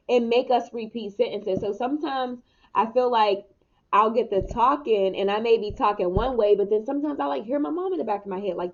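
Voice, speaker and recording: This young adult woman's voice sits a little high and moves at normal speed as she does a casual spiritual tarot reading. Candid and quick to laugh, she swears occasionally; her mic sounds muffled with noticeable hiss.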